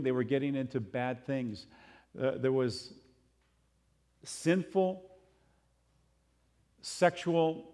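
A man preaching in a relaxed, talky manner. His voice sits at an ordinary middle pitch, and he breaks into lively bursts as he drives home a point. He sounds like a pastor speaking straight to his congregation. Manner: conversational, animated, acts out quotes in other voices. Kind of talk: sermon.

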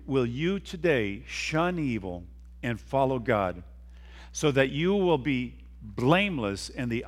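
A middle-aged male pastor preaching a sermon emphatically, acting out quoted speakers and leading his congregation in repeating lines. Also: mid-range voice.

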